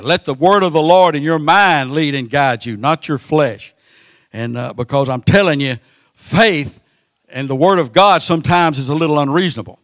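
Man preaching a halting sermon. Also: fairly high pitch, fairly bright tone, dry recording, clean studio sound. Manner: repeats words and fills with "uh" between phrases.

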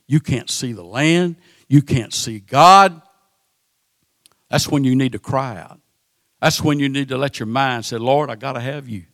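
A man preaching a sermon, often repeating words and pausing on "uh" between phrases. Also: fairly high pitch, fairly bright tone, dry recording, studio quality.

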